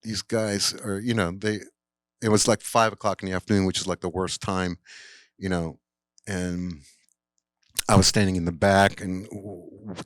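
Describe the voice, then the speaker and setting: A man telling a rambling, animated anecdote at a cinema Q&A, full of fillers and acted-out quotes. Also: sits low, no room sound. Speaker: guest filmmaker at a Q&A.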